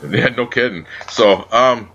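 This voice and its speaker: A man co-hosting a casual wrestling podcast, talking in a profane, lively way and teasing his co-host. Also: mid-range voice, a little slow. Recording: dull lo-fi audio.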